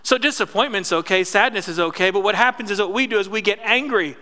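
Bright-voiced man preaching in a reverberant church. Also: sits high, fast talker. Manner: conversational preaching with audience call-and-response. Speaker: pastor. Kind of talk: sermon. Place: church sanctuary.

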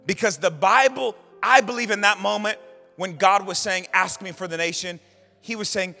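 A man preaching a sermon as pastor, swinging between hushed low lines and loud shouted bursts. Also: normal speed, vocal fry. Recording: hall reverb, faint music behind.

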